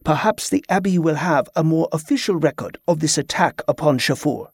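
A man's voice: a little high, breathy edge, no room sound, studio quality. Man playing a stern, formal pirate captain. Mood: measured. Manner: measured, firm, formal.

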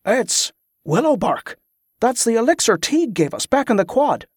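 A man reading aloud, voicing a loyal, hot-tempered male guard who talks in a gruff, snappish way. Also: very high-pitched, very animated, moderate pace, dry recording, clean studio sound, voice pushed up, heavily acted.

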